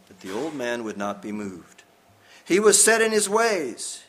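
Man reading a story gravely. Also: a little high, big pitch swings, measured pace, a bit bright.

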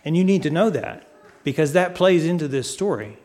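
A man preaching a sermon, speaking deliberately and putting questions to his listeners. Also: on the high side, lively intonation, a little mellow, soft background music. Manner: asks the audience questions; unhurried, deliberate. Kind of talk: sermon teaching.

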